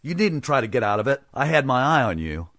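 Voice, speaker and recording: A man doing a loud, bullying blacksmith. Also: medium pitch, big pitch swings, fairly quick, dry recording, studio quality, voice pushed up. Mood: accusing. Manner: loud, blustering, threatening. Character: big blustering village blacksmith, bullying.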